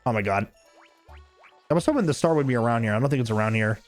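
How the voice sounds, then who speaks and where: A man's voice: mid-range voice, quick pace, faint music behind. A man streaming a game, telling stories with heavy swearing and frequent laughter. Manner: profane, laughing, animated venting. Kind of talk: casual gameplay commentary with storytelling.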